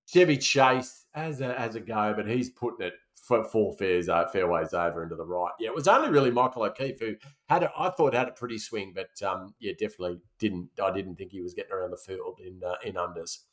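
A man's voice: fairly low pitch, expressive, brisk, few pauses. A man, co-hosting a casual movie-review podcast, rambling and restarting his sentences. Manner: rambling, self-interrupting, laughs at own jokes. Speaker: podcast co-host.

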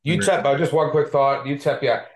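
A man's voice: medium pitch, moderate pace. A man with a Delco accent hosting a casual sports betting podcast, chatty and self-deprecating. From Delaware County, Pennsylvania. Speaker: podcast host.

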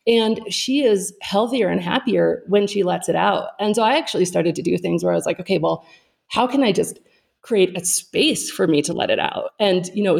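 A woman's voice: lowish voice, gravelly, a little mellow. A woman in her thirties, a podcast guest, talking openly and reflectively in casual conversation and laughing easily.

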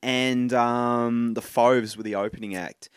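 A man co-hosting a podcast, telling rambling anecdotes full of fillers in an animated way. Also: mid-range voice, measured pace, smooth, dry recording. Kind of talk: casual chat.

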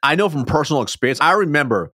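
A man being interviewed as a sales coach, a self-described fast talker who stumbles and restarts his words, speaking over a video call. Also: on the high side, sing-song, sharp tone, no echo, clean studio sound. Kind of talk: conversational interview.

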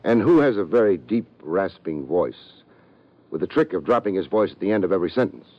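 A hard-boiled private eye in an old radio drama, narrating and cracking dry jokes. His voice is on the low side and moves a lot. The recording is dull and lo-fi. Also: animated, brisk, warm tone. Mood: wry. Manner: wry, dry wisecracks. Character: wry male private detective, hard-boiled. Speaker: narrator and detective. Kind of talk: 1950s radio drama acting.

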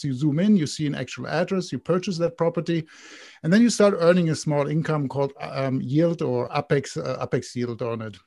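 A man's voice: on the high side, mellow, no room sound, studio quality. A man with a German accent, a guest in an interview, explaining at length with frequent ums and restarts. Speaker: guest, game co-founder.

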